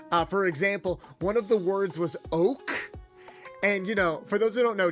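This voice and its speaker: Chatty male streamer, fairly high voice. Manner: chatty, animated, in-character garage mechanic patter. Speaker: VTuber streamer. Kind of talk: casual livestream chat.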